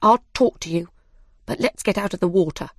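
A woman's voice: mid-range voice, brisk, no echo, studio quality, lightly acted. A woman voicing a touchy, indignant little male mouse in a storybook reading. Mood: grudging. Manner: indignant and huffy.

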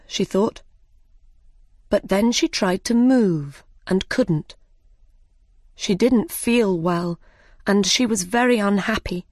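A woman reading a storybook aloud slowly and clearly. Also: mid-range voice, a little mellow, dry recording, clean studio sound. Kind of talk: slow storybook read-aloud.

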